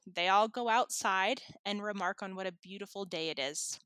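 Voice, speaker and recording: A woman co-hosting a podcast, recapping an episode in relaxed storytelling with small laughs. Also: medium pitch, normal speed, dry recording. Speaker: podcast co-host.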